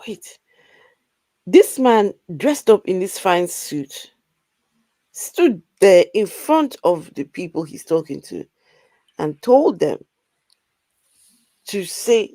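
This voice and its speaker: A woman's voice: lowish voice, warm tone, no room sound. A woman hosting a casual live stream, blunt and exasperated as she comments to her co-host.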